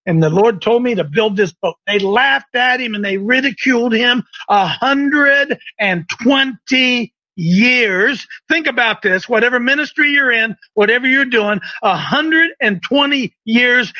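A man's voice: extremely high pitch, expressive, unhurried, hardly any pauses, pushed and bright, no echo, lo-fi sound. A man preaching a sermon in a folksy, emphatic way. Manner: folksy, emphatic, acts out quoted voices.

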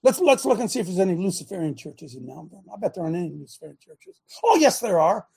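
A middle-aged male talk show host with a husky, fairly high voice that swoops wildly up and down. He rants in a preaching style, heavy with mocking sarcasm, flaring into shouts and then dropping to low mutters. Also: very animated, quick pace. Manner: swings between shouting and muttering. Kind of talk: impassioned preaching-style rant.

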